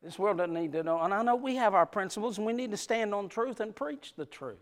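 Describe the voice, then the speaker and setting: A man preaching a sermon, telling stories, swinging from loud hollering to soft, tender passages in a folksy Southern preaching cadence. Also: high voice, animated, a little fast. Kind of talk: sermon with storytelling.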